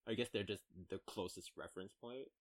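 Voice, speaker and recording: A man's voice: lowish voice, fairly quick. A man in his twenties co-hosting a podcast, chatting casually about a book with playful, wry asides. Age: 20s. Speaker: podcast co-host. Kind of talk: casual book-discussion chat.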